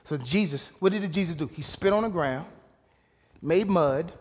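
A man preaching a sermon, casual and direct, dropping to low asides and rising to shouted emphasis. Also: expressive, normal speed. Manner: casual, calls out to listeners. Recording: long hall reverb.

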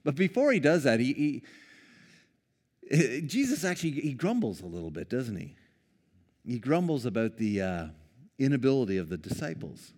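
A man delivers a sermon in a relaxed, conversational tone, with his voice neither high nor low. He livens up when quoting and chuckles now and then. His voice carries a long reverb, as if filling a large church hall. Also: normal speed, long pauses. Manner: conversational, animated when quoting, with small laughs and restarts. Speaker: pastor.

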